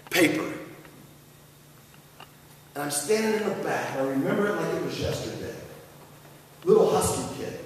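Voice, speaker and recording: A middle-aged man speaking as a chapel speaker to students, an animated storyteller who swings between hushed asides and shouted punchlines. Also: high-pitched, slight background noise. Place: school chapel. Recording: roomy hall from far off.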